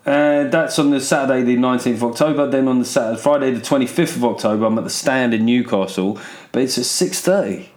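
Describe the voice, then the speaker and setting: An English man hosts his podcast on his own, swearing freely as he rambles. He is sardonic and sounds unscripted, with a middling pitch. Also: fast. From England. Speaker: podcast host. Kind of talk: casual solo podcast monologue.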